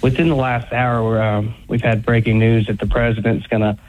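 A man's voice: medium pitch, level tone, normal speed, darkish tone. A man calling in to a sports radio show, polite and hesitant with "um"s. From Northeast Tennessee. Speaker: caller. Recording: phone line.

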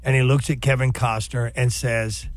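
A man's voice: medium pitch, little pitch movement, normal speed, no room sound. A man hosting a sports talk radio show, jokey and theatrical.

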